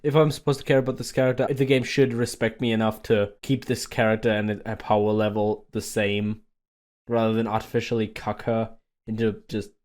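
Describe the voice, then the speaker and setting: A man's voice: on the low side, level tone, a little fast, a little mellow. Exasperated, ranting male co-host. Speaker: podcast co-host. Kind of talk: casual podcast chat.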